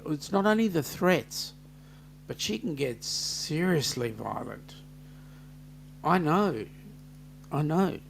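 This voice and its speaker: An Australian man with a gravelly, fry-laden voice hosts a relaxed live-stream chat. He talks slowly and jokes around, greeting viewers by name. A faint hum sits under his voice. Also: on the high side. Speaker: host. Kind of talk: casual live-stream chat reading comments.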